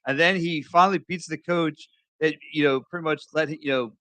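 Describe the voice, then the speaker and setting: A man co-hosting a casual sports podcast, talking in a halting way with restarts. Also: on the high side, fairly even intonation, bright, forceful tone, no room sound. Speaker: podcast co-host.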